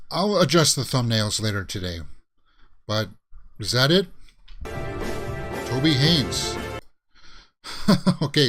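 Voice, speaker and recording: Reviewing a show for a reaction video, a man with a medium-pitched voice rambles casually. He thinks aloud and uses a lot of fillers.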